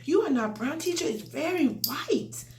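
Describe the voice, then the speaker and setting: An earnest little boy repeats himself stubbornly in a high, bright voice, as a woman acts him out. He sounds sure of his point and won't let it go. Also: animated, normal speed, slight background noise. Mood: insistent. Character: insistent young boy student, earnest.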